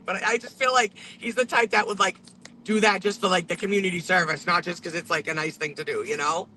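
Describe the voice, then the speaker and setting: High-voiced, bright-toned man chatting bluntly. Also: a little fast, slight background noise, poor audio. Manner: blunt, profane, animated. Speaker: trial commentator. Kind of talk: casual livestream chat.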